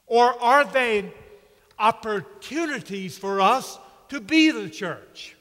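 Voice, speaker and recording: A man preaching a sermon with slow, emphatic delivery and dramatic pauses. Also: very high voice, expressive, a bit bright. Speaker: pastor. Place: church sanctuary. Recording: long reverb of a church hall.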